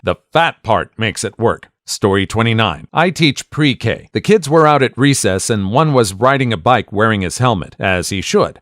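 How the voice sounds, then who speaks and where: Male story narrator, lively swooping pitch, dry close recording. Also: dry recording. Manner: animated, jumps between high and low for quoted lines. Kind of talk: reading internet stories aloud.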